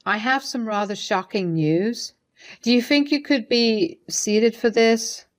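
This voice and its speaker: A woman's voice: fairly high pitch, takes it slowly. A woman voicing a caring middle-aged mother-in-law who speaks hesitantly and soothingly while reading a story's dialogue. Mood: concerned.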